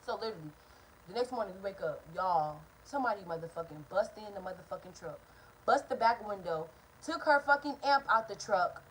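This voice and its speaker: A woman in her twenties telling a profane, animated storytime to camera from home. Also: medium pitch, fairly quick, a little hiss or hum, low-quality recording. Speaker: vlogger. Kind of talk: storytime vlog. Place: at home indoors.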